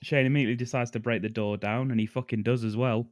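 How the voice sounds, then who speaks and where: A man co-hosting a podcast, recapping a film's plot in a relaxed, sweary way with laughs. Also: medium pitch, quick pace, dry recording. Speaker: podcast co-host. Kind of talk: casual chat.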